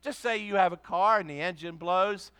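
A man preaching a sermon, swinging between loud emphatic declarations and low, intense passages. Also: normal speed, clear, resonant tone, dry recording.

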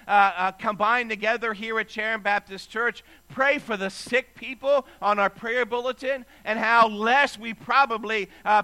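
A man preaching a sermon as pastor, slowing down and emphatic when reading scripture aloud. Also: sits high, sharp tone, smooth.

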